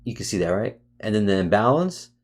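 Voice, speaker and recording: A man's voice: lowish voice, sing-song, brisk. Profane, heated man reviewing trades. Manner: casual, restarts often. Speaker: trading educator. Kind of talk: screen-share market review.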